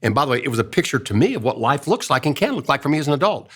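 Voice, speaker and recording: An older man, telling an earnest personal story in a casual way, going soft and hushed when he quotes his own gentle words. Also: mid-range voice, very animated, racing, breathy edge. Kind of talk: casual storytelling in a faith-based talk.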